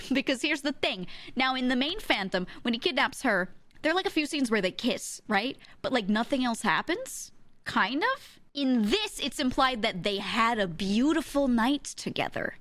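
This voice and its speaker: A woman streamer in casual chat, animated and giggly, often breaking into exclamations and laughter. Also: on the high side, normal speed, no room sound.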